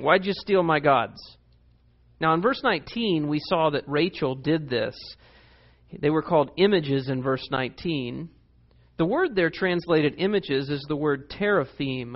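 A man delivers a sermon in a high, bright voice. He is animated and emphatic, pausing to read verses and explain them. The recording is muffled and lo-fi. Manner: animated, emphatic, reads scripture aloud. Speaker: pastor.

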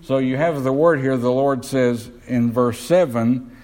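Man preaching a slow, questioning sermon. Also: medium pitch, a little mellow, poor audio. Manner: asks the congregation questions, slows down to stress words.

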